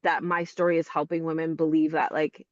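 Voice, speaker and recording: A woman's voice: deep voice, level tone, brisk, no room sound. A woman in her forties from Canada, a guest in a casual interview, rambling with many "like"s and restarts. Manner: rambling, heavy use of "like", frequent restarts. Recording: dull dry lo-fi sound.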